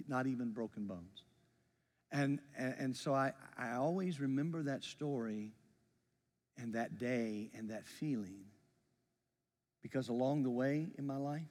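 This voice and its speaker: A man's voice: mid-range voice, darkish tone, big-room sound. A man, a pastor, telling a story in a sermon, earnest, often stopping and repeating words.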